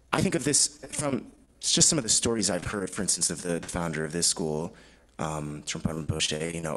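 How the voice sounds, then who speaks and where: Low-voiced man giving a thoughtful talk. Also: a bit bright, poor audio. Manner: thoughtful, hesitant, with restarts. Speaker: fellowship presenter. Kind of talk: academic presentation with read-aloud quotes.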